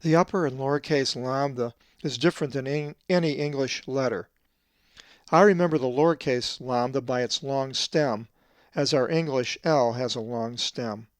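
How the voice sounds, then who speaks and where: A man's voice: mid-range voice, no room sound, clean studio sound. Methodical man teaching Greek letters. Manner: methodical, drawn-out slow stress on Greek words. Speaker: Bible translator teaching Greek pronunciation. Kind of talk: scripted teaching lesson.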